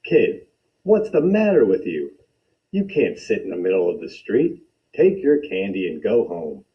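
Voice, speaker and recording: A man's voice: low voice, sing-song, unhurried. A man voicing a blunt, tough adult policeman in a brusque storybook reading. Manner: brusque, no-nonsense. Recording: dull lo-fi recording.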